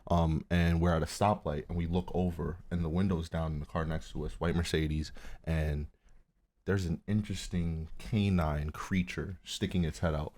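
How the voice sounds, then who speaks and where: Brief: male podcast co-host, lower voice, lively storyteller who laughs a lot and jumps into squeaky highs. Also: moderate pace. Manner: animated storyteller, laughs often, breaks into high squeals. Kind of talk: casual chat. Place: New Jersey.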